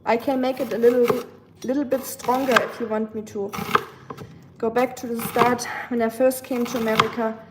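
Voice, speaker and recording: Over a noisy background, a young woman from Germany talks with her live viewers in a German accent, chatty and a bit rambling, with some self-teasing. Her voice sits on the high side, with flat delivery at normal speed.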